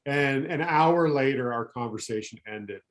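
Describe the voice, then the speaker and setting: A middle-aged man, a former pro pitcher, telling anecdotes as a podcast guest in a rambling way, correcting himself as he goes. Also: measured pace. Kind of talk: casual storytelling chat.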